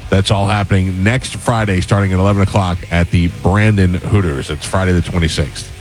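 A man's voice: sits low, fairly even intonation, a little fast, faint music behind. A man hosting a casual radio show, joking and rambling through promotions and banter. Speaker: radio host.

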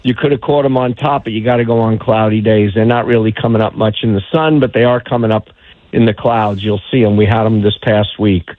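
A man's voice: lowish voice, steady tone, fairly quick, no room sound. A middle-aged man, a fishing guide, telling fishing stories on a radio call-in with many restarts. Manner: chatty storyteller, many restarts. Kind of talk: phone-in radio chat. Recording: tinny phone line.

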